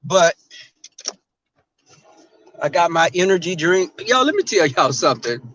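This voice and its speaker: Outdoors in the cold, a Texas livestream host with a Southern drawl rants through brash, profane, sassy commentary. His voice sits on the high side, sing-song and fairly bright, at a measured pace. The recording sounds dull and dry, with slight background noise.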